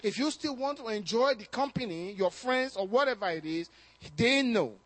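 Man, pastor, sermon, high voice, animated storyteller, repeats words. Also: normal speed, no room sound. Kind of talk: sermon with personal stories.

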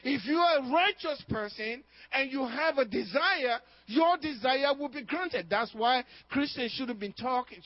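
High-voiced preacher, emphatic and questioning. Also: male voice, expressive, a little slow, hardly any pauses, no room sound. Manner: emphatic, asks the congregation questions, laughs now and then. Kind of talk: sermon. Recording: dry, dull lo-fi recording.

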